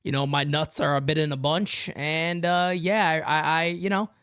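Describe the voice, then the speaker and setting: A man hosts a live fan stream in a fairly high voice. He rants excitably, swears freely and keeps it casual with his viewers. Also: moderate pace, smooth. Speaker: host. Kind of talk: live-stream sports talk.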